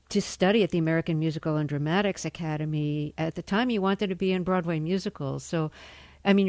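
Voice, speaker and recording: A woman radio host leads an interview with calm, thoughtful questions. Her voice sits a little low and the studio sound is close and dry. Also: no room sound.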